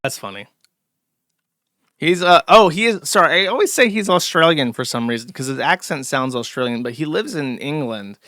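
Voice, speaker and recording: A man hosts a casual commentary show in a sarcastic, mocking tone. His voice is bright and sharp, and it is recorded dry and close. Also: a little high, expressive, a little fast, hardly any pauses, dry recording. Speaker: show host.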